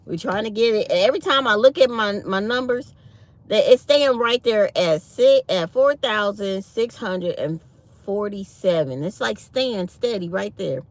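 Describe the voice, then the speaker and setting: A woman's voice: medium pitch, unhurried, dry recording. A woman, hosting a casual morning chat for her channel and telling stories with acted-out quotes. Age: 50s. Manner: animated storytelling with acted-out quotes. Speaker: channel host. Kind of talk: casual chat to live viewers.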